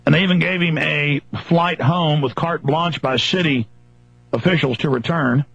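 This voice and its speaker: A man's voice: a little high, moderate pace, vocal fry, fairly bright tone, slightly rough. A man hosting a talk radio show, ranting angrily and mockingly in long emphatic lists. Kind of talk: angry political radio rant. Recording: dull lo-fi radio broadcast.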